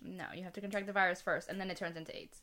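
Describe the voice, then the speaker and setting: A woman's voice: fairly low pitch, fairly even intonation, very fast, bright, forceful tone. A woman co-hosting a casual podcast, teasing and giggling with friends.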